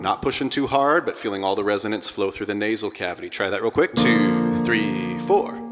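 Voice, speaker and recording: A man working as a vocal coach, leading a singing warm-up and encouraging his students between sung demonstrations. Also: fairly low pitch, normal speed. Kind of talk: guided singing warm-up lesson. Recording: echoey room with loud piano accompaniment.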